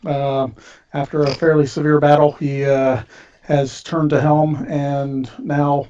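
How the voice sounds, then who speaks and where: A man describing his tabletop game character slowly and haltingly with fillers, heard on a distant, muffled mic. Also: a little high, little pitch movement, dark tone. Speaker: player.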